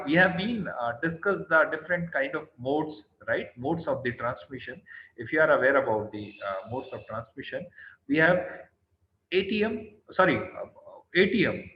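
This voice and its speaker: A man's voice: fairly high pitch, sing-song, moderate pace. A man with an Indian English accent teaching an online class, quizzing students by name and often asking "right?". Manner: stern, scolds students on tone. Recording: roomy, dull online call audio.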